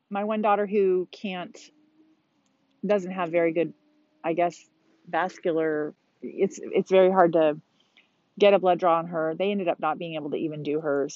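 A woman's voice: fairly low pitch, moderate pace, a little mellow, no echo. A woman in her forties hosting a podcast, talking candidly and with exasperation about her day, swearing now and then. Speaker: podcast host. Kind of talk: casual solo monologue. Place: outdoors on a beach. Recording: dull, slightly lo-fi sound.

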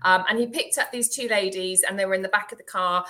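A woman's voice: medium pitch, steady tone, fast talker. A middle-aged woman, a rural estate agent hosting a casual podcast chat, telling anecdotes and laughing as she talks. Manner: warm storyteller, laughs often while talking.

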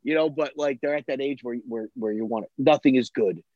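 A man's voice: mid-range voice, brisk, no echo. A man in casual chat, ranting bluntly and swearing freely about his kids and his cooking. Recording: dull lo-fi, dry.

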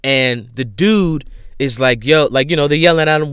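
A man casually retelling a show he recommends, animated and full of fillers. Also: fairly high pitch, moderate pace, clear, resonant tone, dry recording, clean studio sound. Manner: animated storyteller, many fillers.

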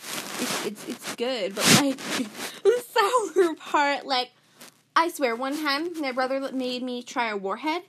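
A woman's voice: sits high, takes it slowly, fairly bright tone, a little hiss or hum, rough recording. A woman hosting a casual solo podcast, giggly and dramatic, often laughing mid-sentence. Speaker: podcast host.

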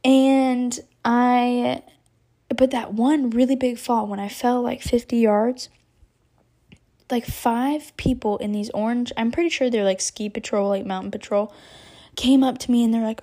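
A young woman from Texas talks through a personal story as a podcast host, chatty and animated. Her voice sits a little high but sounds soft and mellow rather than bright. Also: unhurried. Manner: chatty, animated, many "like" fillers and laughs. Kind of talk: casual storytelling.

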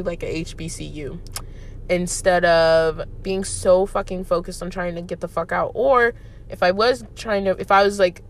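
A woman in her twenties hosts a solo podcast, her fairly low, fairly bright voice carrying a little hiss or hum. She reflects candidly and emotionally, swearing freely and using plenty of fillers.

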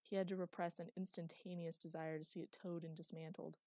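A woman narrating a novel in a steady, even storytelling way. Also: on the low side, fairly quick, dry recording. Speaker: audiobook narrator. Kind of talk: scripted narration.

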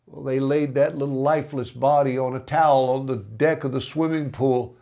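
A man's voice: medium pitch, moderate pace, dark tone. A man preaching a sermon, telling a story with earnest feeling and rising to impassioned emphasis. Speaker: pastor.

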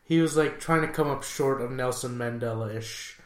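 A man co-hosts a casual podcast chat in a relaxed, wry way that rambles a little. His voice sits in a middle range. The room around him has a clear echo. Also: mid-range voice, normal speed. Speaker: podcast co-host. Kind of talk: casual chat reviewing music videos. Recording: echoey room.

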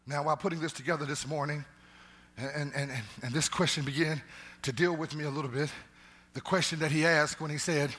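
A male pastor preaches with a bright, forceful voice that has a husky edge. He calls out to the congregation, stumbles into runs of repeated words and then surges into loud, climbing peaks. His pitch sits a little high for a man. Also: normal speed. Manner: call-and-response preaching, repeats words, rises to shouts. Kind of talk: sermon. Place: church sanctuary.

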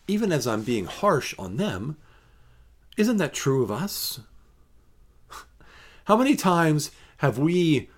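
A pastor with a husky, medium-pitched voice reads scripture aloud, then comments on it in an emphatic, conversational devotional.

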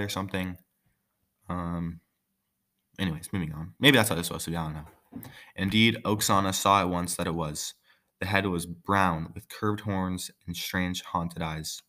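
A man's voice: low-pitched, steady tone, moderate pace, sharp tone. A man reading a folk tale aloud, breaking off for joking, offhand asides. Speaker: story reader.

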